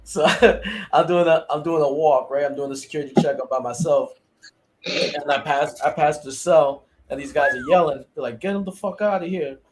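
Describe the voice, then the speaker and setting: A podcast co-host and former corrections officer tells a funny jail story in a casual storytelling chat, laughing and mimicking the voices of the people in it. His pitch is fairly high and his pace moderate. Slight background noise can be heard.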